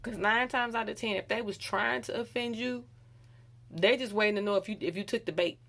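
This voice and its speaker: A woman giving a casual devotional talk, animated and acting out quoted voices. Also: medium pitch, fairly quick, creaky. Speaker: bible study teacher.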